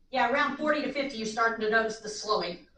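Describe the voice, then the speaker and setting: A woman lecturing a live audience on aging in an animated way, acting out little voices, in a seminar room. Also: on the high side, fairly quick. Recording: echoey room, distant mic, faint noise.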